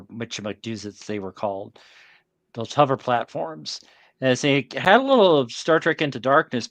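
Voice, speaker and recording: Man in casual, halting podcast chat. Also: medium pitch, no room sound. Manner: hesitant, filler-heavy. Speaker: podcast co-host.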